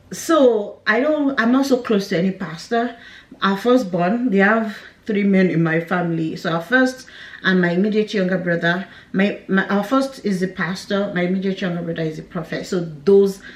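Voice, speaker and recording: A woman's voice: mid-range voice, moderate pace, echoey room. Emotional woman telling a personal story. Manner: candid, emotional, with nervous laughs. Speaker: vlogger.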